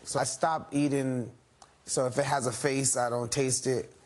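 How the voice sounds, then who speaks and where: A man's voice: medium pitch, level tone, a little slow. A man, a musician guest, joking loosely on a talk show. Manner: laid-back, loose, joking. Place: TV studio.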